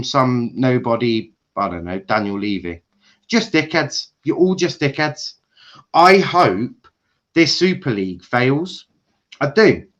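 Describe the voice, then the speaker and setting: A man ranting furiously on a football livestream, swearing and shouting at club owners. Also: medium pitch, dull audio. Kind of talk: angry fan rant on a livestream.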